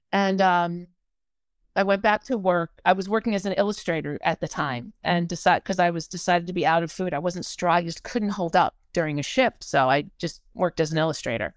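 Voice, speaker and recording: Halting older woman telling her story. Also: fairly low pitch, no echo. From United States. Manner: halting, with many restarts and acted-out quotes. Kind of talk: personal storytelling.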